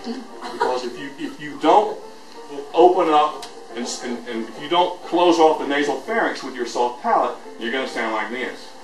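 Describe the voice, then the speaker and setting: A man with a fairly high voice coaches singers in a master class, lively and joking, breaking into quick vocal demonstrations. He is picked up from far off in an echoey school hall. Piano music plays clearly behind him. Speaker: voice teacher leading a master class. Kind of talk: teaching a class.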